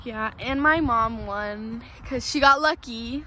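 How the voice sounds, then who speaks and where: A young woman chatting casually as a skate vlogger, bubbly and talkative, filming outdoors on a handheld phone near a loud road. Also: on the high side, takes it slowly. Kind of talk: casual vlog narration.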